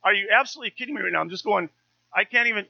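A man's voice: high-pitched, rapid-fire, gravelly, no room sound, muffled recording. A man in his fifties, a pastor preaching a sermon in a conversational, story-telling way with touches of humour.

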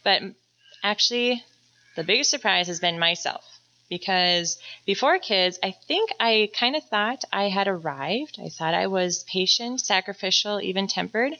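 A woman speaking earnestly to a church group about motherhood, gentle, with many fillers and soft laughs. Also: mid-range voice, animated, measured pace, muffled recording. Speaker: mother sharing a testimony. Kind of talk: prepared talk to a church group.

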